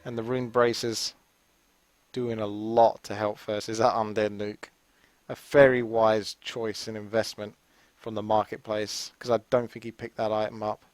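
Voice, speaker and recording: An English man giving live game commentary in a relaxed, chatty, rambling way. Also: on the low side, moderate pace, dry recording. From England. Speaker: esports commentator.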